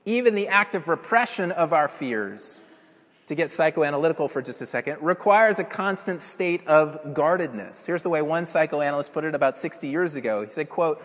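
A man's voice: a little high, expressive, a little fast, a bit bright, big-room sound. A man preaching a sermon in earnest, emphatic tones, building through rhetorical questions.

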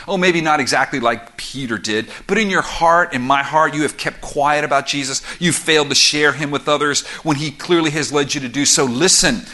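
A man preaching a sermon as pastor, explaining scripture verse by verse in an animated, conversational way with quick asides. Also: fairly high pitch. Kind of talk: expository sermon.

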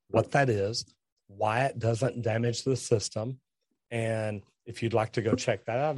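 A man talking as a podcast guest, direct and animated, acting out bits of dialogue as he explains. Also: on the low side, no room sound. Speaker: guest, trade business owner. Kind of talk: casual podcast conversation.

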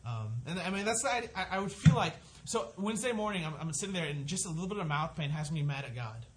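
A man's voice: high voice, animated, fast talker. A man preaching a sermon, earnest and conversational, often restarting his sentences as he works through a scripture passage. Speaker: pastor.

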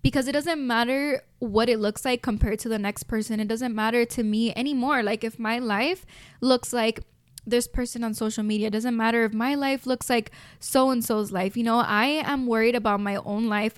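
A woman's voice: a little high, clear, resonant tone, no echo, studio quality. Heartfelt young Mexican American woman host. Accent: Mexican American English with Spanish mixed in. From United States. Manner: heartfelt, talks straight to listeners as "you guys". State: choked up with emotion. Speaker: podcast host. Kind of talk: reflective casual monologue.

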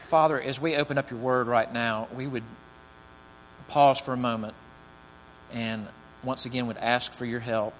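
A man's voice: medium pitch, fairly even intonation, normal speed, long pauses, a bit bright. A man preaching a sermon, reading scripture with rising emphasis, then praying and talking loosely with fillers. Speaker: pastor. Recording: long hall reverb, faint mains hum.

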